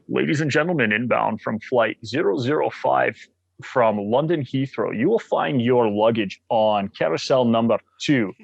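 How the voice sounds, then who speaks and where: Suave scottish airport announcer guy done by a man, slow and drawn out, playful on the mic. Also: medium pitch, creaky, slightly rough, no room sound, muffled recording, heavily acted.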